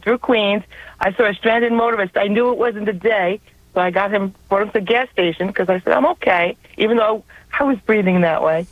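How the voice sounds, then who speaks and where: A woman with a New York accent calling in to tell a personal faith story in an earnest, quick, conversational way. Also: mid-range voice, no room sound. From Long Island, New York. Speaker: caller. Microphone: telephone. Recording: tinny phone line.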